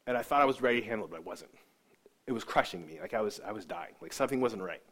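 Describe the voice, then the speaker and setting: A man with a fairly low voice tells his faith testimony in an earnest, halting way. He stumbles and repeats himself as the feeling builds, pressing on through each sentence. His delivery is raw and personal rather than polished. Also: expressive, fairly bright tone. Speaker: speaker sharing a faith testimony.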